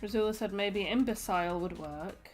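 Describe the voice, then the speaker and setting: A woman's voice: medium pitch, moderate pace, faint music behind. A woman co-hosting a livestream, reading chat messages aloud with dry joking asides. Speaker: stream co-host.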